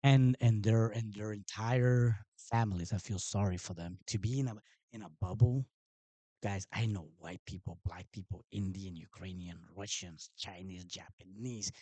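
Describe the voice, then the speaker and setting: A man hosts a live stream in a loose, rambling way, his voice low and mellow. He talks with a mocking, sarcastic edge. The sound is dry and close. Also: steady tone, normal speed, dry recording. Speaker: livestream host. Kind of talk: casual live-stream commentary.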